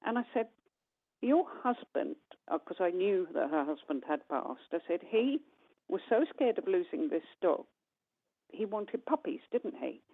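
Her lowish, husky voice moves a little slowly over a tinny telephone line. A guest medium from the United Kingdom, she tells a long personal story on a call-in radio show, animatedly acting out the dialogue.

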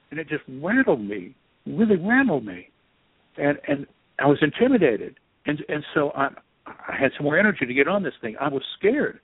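A man, an author guest in an interview, telling a story in an animated, self-deprecating way over a phone line. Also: medium pitch, normal speed, husky, dry recording. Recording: tinny dry phone line.

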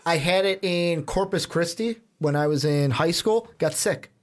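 A man's voice: a little high, unhurried. A young man with a Chicago accent, co-hosting a podcast in a rambling, casual chat. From Chicago, USA. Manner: rambling, chatty, swears casually. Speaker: podcast co-host.

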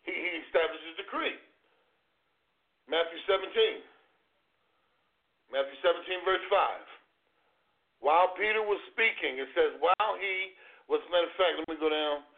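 A male preacher delivers a sermon with a high-pitched voice and an excitable, repetitive delivery. He reads scripture verses and stumbles into restarts as his energy builds. The sound is thin and phone-like. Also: moderate pace, long pauses. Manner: excited, repeats words, reads scripture aloud.

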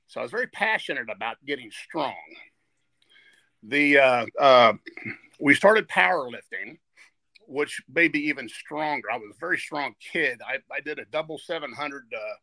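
A man's voice: mid-range voice, pushed and bright, dry recording. A man in his sixties from Virginia, telling stories earnestly as a podcast guest and often restarting and repeating his words. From West Virginia. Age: 60s. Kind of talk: storytelling in a podcast interview.

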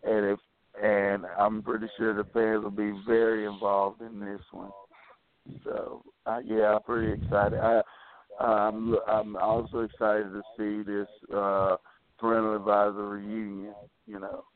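A hoarse man calling in to a wrestling show, talking in halting bursts with many fillers. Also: fairly low pitch, little pitch movement. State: hoarse, a little sick. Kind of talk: phone interview. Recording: tinny phone line.

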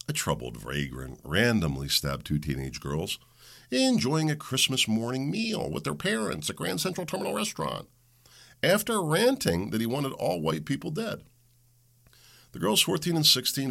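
Creaky, ranting talk-show man. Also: lowish voice, pushed and bright. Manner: angry, ranting; mocking voices for people he quotes. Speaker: podcast host. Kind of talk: opinion monologue.

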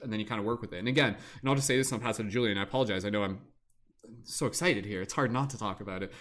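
A man with a lowish, somewhat bright voice talks rapid-fire as a podcast host on a livestreamed talk show. His talk is excited and casual, and he rambles eagerly at length with plenty of fillers.

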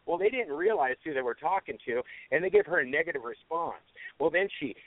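A man's voice: on the high side, a little fast, dry recording. Folksy man telling stories over a phone. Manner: folksy, animated storyteller. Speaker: guest auctioneer. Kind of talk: phone interview storytelling. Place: roadside. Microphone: phone call. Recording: tinny dry phone line.

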